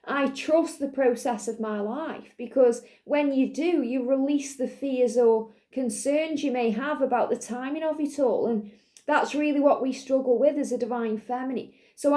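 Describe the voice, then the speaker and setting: A woman giving a spiritual reading to her viewers, talking earnestly and reassuringly, with many "you know"s, and now and then clearing a slight cough from her throat. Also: sits high, normal speed, warm tone. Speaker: spiritual reader. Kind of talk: channelled tarot-style reading to viewers.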